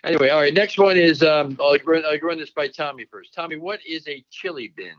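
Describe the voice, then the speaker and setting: A man's voice: on the high side, fairly quick, a bit bright, no echo. Guy hosting a podcast chat, trips over his words a lot, repeats himself, playful quizmaster vibe, kinda dull dry sound. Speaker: podcast host quizzing co-hosts. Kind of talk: casual panel chat.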